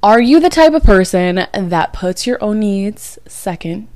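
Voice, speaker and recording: Young adult woman podcast host, casual and emphatic, mid-pitch, dry close-mic sound, a little worn down. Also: expressive, unhurried, darkish tone, dry recording. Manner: chatty, emphatic, confiding. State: low and drained after crying. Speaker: podcast host and dating coach. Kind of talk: casual chat.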